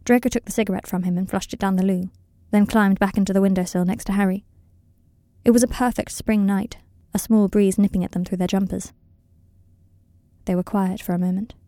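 A woman reading a story aloud in calm, even scripted narration, recorded close to the mic. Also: mid-range voice, a little fast, no echo. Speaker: audiobook reader.

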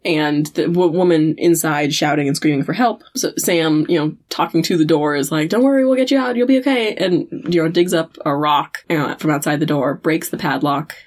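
A woman's voice: deep voice, steady tone, normal speed, hardly any pauses. A woman co-hosting a podcast, chatting casually as she recaps a TV episode, laughing often and restarting her sentences. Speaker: podcast co-host.

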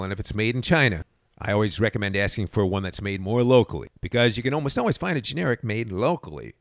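A man's voice: medium pitch, no echo. Wry, sarcastic man hosting a podcast. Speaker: podcast host. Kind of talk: monologue podcast storytelling.

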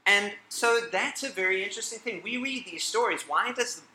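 Bright-voiced man lecturing in an echoey hall. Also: high voice, moderate pace, a little hiss or hum. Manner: chatty, joking, self-interrupting, laughs at own jokes. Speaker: speaker giving a talk. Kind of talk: lively lecture to a live audience.

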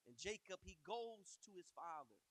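A man teaching a Sunday school Bible lesson, animated and acting out the story in character voices. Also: high-pitched, moderate pace, poor audio.

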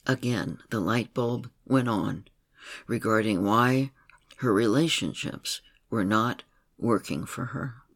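A man hosting a podcast, reading a first-person counseling story in a calm, gentle manner. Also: medium pitch, slow.

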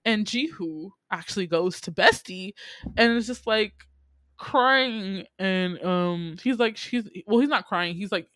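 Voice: medium pitch, no echo, clean studio sound. Incredulous young podcaster recapping a drama. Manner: animated, incredulous, swears freely, quick asides. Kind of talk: casual chat.

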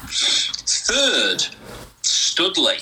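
A man hosts a casual chat, drawing out each result with teasing pauses. His voice is very bright and forward, with faint noise behind it. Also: a little high, huge pitch swings, low-quality recording. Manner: teasing, builds suspense with pauses. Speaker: podcast host reading league results. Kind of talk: casual banter.

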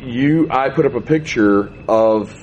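A man hosting an interview on a convention panel, friendly and a little halting, with frequent "uh" fillers. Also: mid-range voice, a little mellow, dull audio, slight background noise. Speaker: panel host.

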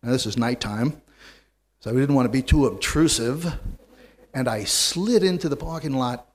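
Guy telling his story to a crowd, wry, goes loud then hushed. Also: medium pitch, normal speed, a little hiss or hum. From United States. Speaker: speaker sharing his recovery story. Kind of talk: storytelling talk to a live audience.

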